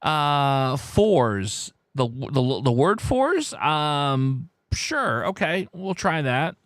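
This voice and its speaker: A man hosting a live word-game stream, reading out viewers' guesses in an excitable way, his voice worn hoarse. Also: mid-range voice, no room sound, studio quality. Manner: animated, excitable, shouts "No!" at wrong guesses. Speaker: livestream host.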